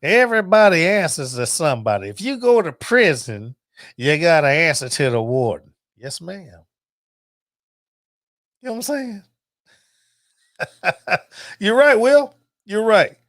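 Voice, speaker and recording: A man's voice: high-pitched, no echo, studio quality. A middle-aged man, host of a cooking channel, ranting casually and profanely to camera. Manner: profane, animated, preachy.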